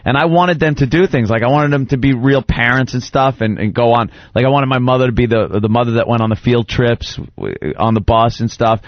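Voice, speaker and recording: A middle-aged man, co-hosting a radio show and telling stories in an animated way, acting out shouted voices. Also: medium pitch, dry recording, lo-fi sound. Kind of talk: casual storytelling on radio.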